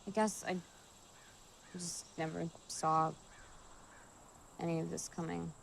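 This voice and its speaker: Film clip: a quiet, wounded young woman, low and gravelly, soft score behind. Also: flat delivery, slow, a little hiss or hum. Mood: subdued.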